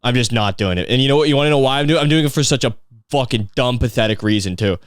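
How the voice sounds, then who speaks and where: Young guy ranting on his podcast, swears a ton, lots of um and like, smooth voice, dry close mic. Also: mid-range voice, fast, dry recording. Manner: rambling, profane, many fillers and restarts. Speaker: podcast host. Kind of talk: casual comedic rant.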